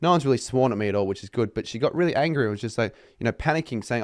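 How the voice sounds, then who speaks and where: A man's voice: medium pitch, very fast, few pauses, no room sound, clean studio sound. A young man with an Australian accent ranting casually to camera about his retail job, swearing often and exasperated. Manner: sweary, exasperated, mocking customers in put-on voices. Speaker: vlogger.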